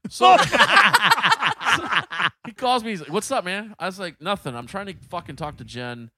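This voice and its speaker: A man's voice: sits high, normal speed, no echo. A middle-aged man hosting a casual podcast chat, telling a story with lots of swearing and acting out both sides of the conversation. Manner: profane, animated storyteller who acts out both sides of dialogue.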